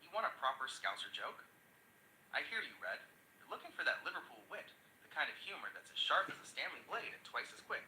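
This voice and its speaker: A male synthetic voice tells jokes in an upbeat, chatty way, with pitch that moves a lot. The tone is bright, and an echoey room can be heard around it. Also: sing-song, fairly quick, a little hiss or hum. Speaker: AI joke teller. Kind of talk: scripted joke narration.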